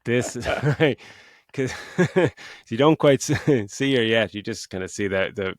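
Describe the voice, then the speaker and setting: A man's voice: medium pitch, animated, slow pace, no room sound, studio quality. A middle-aged man co-hosting a podcast, retelling a film's plot in casual chat, swearing freely and laughing as he goes. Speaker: podcast co-host. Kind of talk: casual film review chat.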